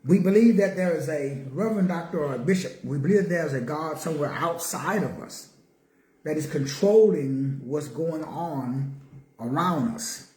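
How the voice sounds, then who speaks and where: A man delivers a spiritual teaching talk, hammering his points with repeated questions and emphatic answers. His voice is fairly high and mellow, and the recording has a roomy echo.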